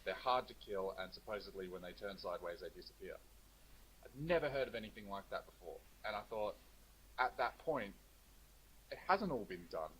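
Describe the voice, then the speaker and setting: A man's voice: on the low side, expressive, a little fast, a bit bright, a little hiss or hum, poor audio. A young man, a co-author on a video call, talking casually and hesitantly with many fillers. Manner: hesitant, lots of ums and uhs. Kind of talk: casual chat.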